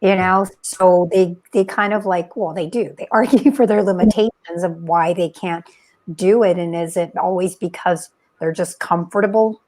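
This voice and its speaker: A woman's voice: on the low side, steady tone, moderate pace, a little mellow. A woman hosting a podcast, chatting and asking questions. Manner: conversational, asks questions. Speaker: podcast host. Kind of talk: casual chat.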